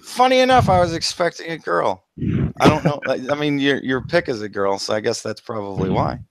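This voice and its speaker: Gravelly rambling man on a headset. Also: medium pitch, lively intonation, fairly quick, dry recording. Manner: rambling, profane, laughs often, restarts sentences. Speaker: streamer hosting a call-in livestream. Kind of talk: casual rambling livestream chat.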